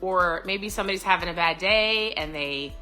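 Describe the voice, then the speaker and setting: A woman's voice: lowish voice, normal speed, sharp tone, soft background music, poor audio. A middle-aged woman giving a casual, upbeat motivational talk to camera, chatty with lots of fillers and restarts. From Florida. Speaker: vlogger.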